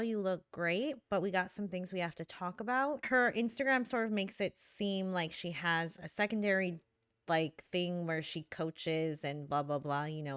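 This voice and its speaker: A woman's voice: on the low side, a bit bright, smooth, no room sound, studio quality. A woman at home giving casual, sarcastic reaction commentary as a video host. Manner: sarcastic, critical. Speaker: YouTube commentator. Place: living room at home with a fire going.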